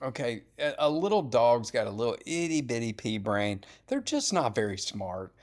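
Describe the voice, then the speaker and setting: A middle-aged man telling animated, blunt and profane stories in casual podcast chat. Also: medium pitch, normal speed.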